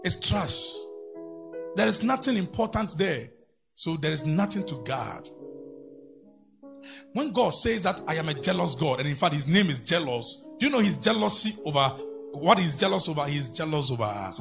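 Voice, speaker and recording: Fervent preacher, lively and high. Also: male voice, normal speed, creaky, music in the background. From Ghana. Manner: fervent preaching with sung phrases and call-and-response. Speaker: pastor. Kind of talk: sermon.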